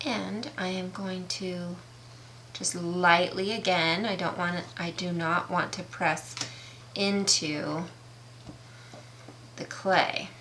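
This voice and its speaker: A woman leads a casual craft tutorial in an unhurried, bright voice. She is chatty and enthusiastic, explaining each step with care. A faint hum of room noise sits behind her. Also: on the low side, fairly even intonation. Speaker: craft demonstrator.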